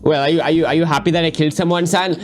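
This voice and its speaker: A player voicing a weary radish father who answers his son with dry, deadpan comebacks, in a game voice-over. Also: mid-range voice, racing, soft background music, close to an everyday voice.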